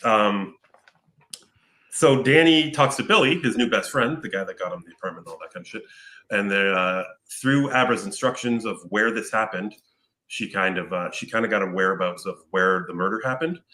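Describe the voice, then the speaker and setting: A man rambles through a movie plot, cursing freely and stacking up "um"s and "like"s. His voice is lowish but bright and forceful. It sounds distant and roomy, as if it is caught by someone else's mic. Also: moderate pace. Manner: profane, rambling storyteller with lots of fillers. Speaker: podcast host recapping a film. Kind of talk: casual chat. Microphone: picked up from afar by another mic.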